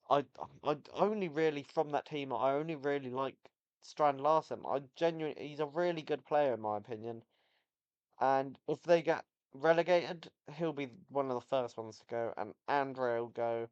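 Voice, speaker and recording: Guy rambling about football matches, smooth clear voice, kinda dull lo-fi sound. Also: medium pitch, darkish tone. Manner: rambling, self-correcting, enthusiastic. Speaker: football vlogger. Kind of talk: casual match review.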